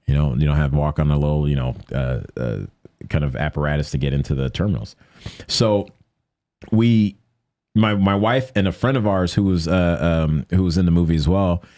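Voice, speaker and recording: A man telling a story casually as a guest, animated, acting out quotes in a higher voice. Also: no echo, studio quality.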